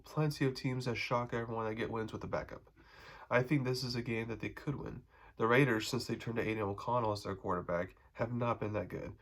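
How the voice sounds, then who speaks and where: A man's voice: lowish voice, creaky, fairly bright tone. Nasal-voiced man hosting a sports podcast. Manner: casual, with frequent ums and restarts. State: nasal from a cold. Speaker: podcast host. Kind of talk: solo sports predictions podcast.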